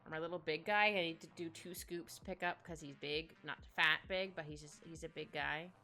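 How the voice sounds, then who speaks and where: Her voice is low and steady in tone, and she talks a little fast. Streaming herself drawing, the digital artist chats casually, rambling and giggling through plenty of asides over soft background music.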